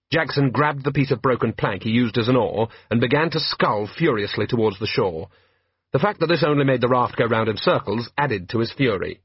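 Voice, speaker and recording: Husky male audiobook narrator. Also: medium pitch, expressive, a little fast, dry recording, lo-fi sound.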